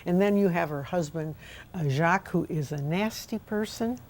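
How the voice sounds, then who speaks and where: A woman's voice: fairly low pitch, moderate pace, a little mellow, a little hiss or hum. A middle-aged woman hosting a casual book discussion, chatty and asking her guest questions. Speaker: host.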